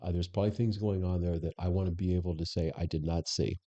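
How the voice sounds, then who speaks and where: Heard through dull, lo-fi podcast audio, a low, warm male voice with fairly even intonation moves at a quick pace. The speaker, a former police chief and superintendent appearing as a guest, candidly tells anecdotes from his career in a conversational interview. He restarts his sentences frequently.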